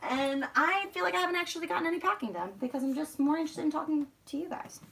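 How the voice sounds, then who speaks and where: A young woman from outside Philadelphia with a slight Philly accent, chatting casually and rambling on a livestream while she packs, a little hoarse. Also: high voice, fast, a bit bright, slight background noise. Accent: Philadelphia area. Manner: chatty, rambling, self-mocking. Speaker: vlogger.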